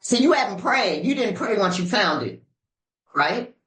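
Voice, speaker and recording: An older woman from Los Angeles speaking at a recovery meeting, telling her story in an animated, preacherly way with sudden voice shifts. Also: medium pitch, unhurried, roomy sound, low-quality recording. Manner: African American Vernacular English grammar. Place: meeting room.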